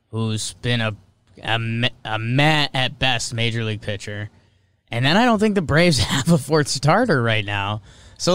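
Smooth-voiced chatty young man. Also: a little high, fairly bright tone, dry recording. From American North. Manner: chatty, opinionated, quick asides. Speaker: podcast host. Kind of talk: casual sports talk.

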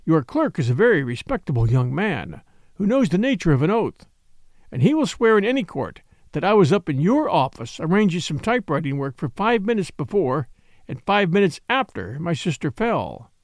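A man voicing a calm, cold young woman who is a typist. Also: on the high side, normal speed, dry recording, studio quality.

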